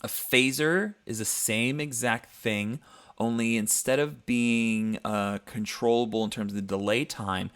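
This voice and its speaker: A man giving a casual livestream tutorial on mixing, explaining in a loose, conversational way while demonstrating sounds at his computer in a home studio, often pausing with ums as he thinks aloud. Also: medium pitch, steady tone, fairly bright tone, clear, resonant tone. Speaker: music producer teaching mixing.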